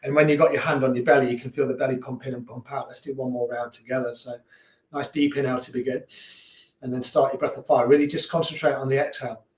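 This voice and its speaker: A man teaching a beginner yoga class in a relaxed, chatty, encouraging way that sometimes laughs at himself. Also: mid-range voice, fast. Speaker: yoga instructor. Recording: echoey room, voice from a distance.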